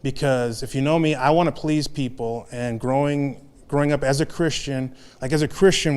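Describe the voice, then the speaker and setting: A man's voice: medium pitch, a little mellow. A man in his thirties giving a candid, confessional talk as a guest speaker at a men's group, telling his own story with frequent restarts. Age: 30s. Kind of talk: personal testimony talk.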